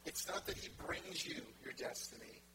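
A pastor preaching a conversational sermon, acting out little quoted exchanges as he goes. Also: normal speed. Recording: loud background noise.

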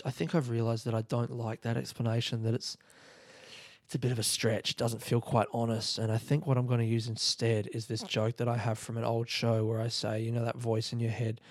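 An Australian man from South Australia hosting a solo podcast late at night, talking quietly and rambling as he thinks aloud in bed. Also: medium pitch, dry recording, studio quality. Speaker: podcast host and comedian. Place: bedroom at night. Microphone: own podcast mic set up in bed.

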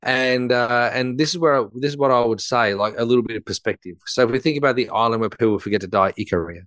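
A man in his fifties, a guest expert on a podcast, easygoing and quick to laugh as he explains through anecdotes. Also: mid-range voice, a bit bright, dry recording. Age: 50s. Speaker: gut health expert guest. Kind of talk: casual conversational interview.

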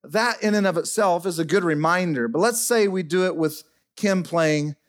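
A middle-aged man preaching a sermon as pastor in a church, dropping soft and low as he speaks over piano. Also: moderate pace. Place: church sanctuary. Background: faint piano playing.

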